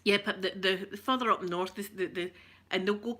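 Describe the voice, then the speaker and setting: A Scottish ASMR livestream host chats casually with viewers in broad local speech, joking and laughing often. Her mid-range voice has a sharp tone and a normal speed.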